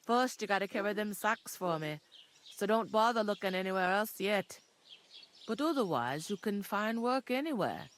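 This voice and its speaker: A woman's voice: medium pitch, expressive, normal speed, a little hiss or hum, lightly acted. A woman voicing a chatty, earthy village tavern keeper in a game, talking in a folksy, gossipy way. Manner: gossipy, homely, folksy talk.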